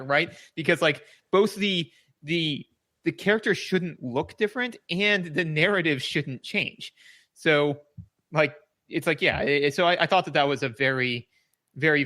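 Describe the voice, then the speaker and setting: A man's voice: fairly high pitch, sharp tone, no echo, clean studio sound. A man co-hosting a podcast in casual chat, rambling and searching for words with many repeats. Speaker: podcast co-host.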